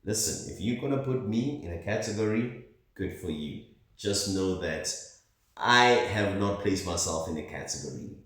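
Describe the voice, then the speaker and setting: A South African-born man vlogging in an earnest, rambling monologue with pauses. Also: deep voice, lively intonation, a bit bright. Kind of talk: casual monologue to camera. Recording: very echoey, far from the mic.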